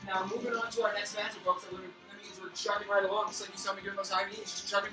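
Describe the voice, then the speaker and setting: A man's voice: high voice, little pitch movement, fast, few pauses. A man hosting a mock sports-analyst fantasy football preview. He rambles off into pun tangents while losing his voice. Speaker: fantasy football league host. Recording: roomy, distant mic with music behind.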